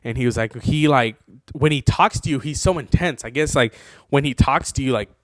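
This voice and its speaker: A young man hosts his own podcast, telling a story in a loose, rambling way packed with fillers. His voice sits in an ordinary middle pitch and gets excitable as he talks. The sound is close and dry, with no room echo. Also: brisk. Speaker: podcast host. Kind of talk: casual storytelling.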